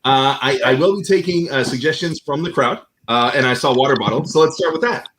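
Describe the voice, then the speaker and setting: A man explaining an improv game to the audience, halting and full of fillers. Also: mid-range voice, fairly bright tone, slight background noise. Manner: hesitant, filler-heavy explaining. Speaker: improv performer and game host. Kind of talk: live improv comedy.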